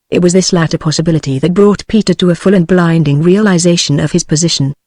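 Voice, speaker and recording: A woman's voice: lowish voice, no room sound. A synthetic female voice with a British accent, narrating an audiobook in text-to-speech style. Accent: British English. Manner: even machine-read delivery.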